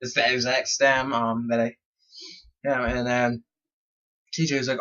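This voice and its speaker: A man's voice: medium pitch, flat delivery, moderate pace, fairly bright tone. A young man telling casual stories about his BMX bikes, rambling and often restarting his sentences. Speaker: BMX rider vlogger. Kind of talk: casual storytelling. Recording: dull lo-fi sound.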